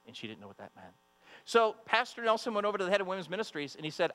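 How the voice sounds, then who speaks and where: A man's voice: sits high, sing-song, fast talker, bright, forceful tone. A man preaching a sermon to the women of a congregation, emphatic and fond of repeating his phrases. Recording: long hall reverb with mains hum.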